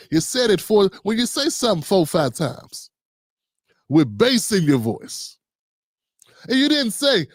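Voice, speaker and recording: Animated, sarcastic male commentator. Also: sits high, moderate pace, dry recording, studio quality. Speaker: show host and commentator. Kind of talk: livestream commentary.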